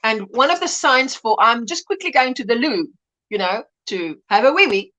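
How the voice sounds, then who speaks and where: A chatty woman with a high, lively voice hosts a casual livestream at normal speed. She laughs a lot and reads comments aloud.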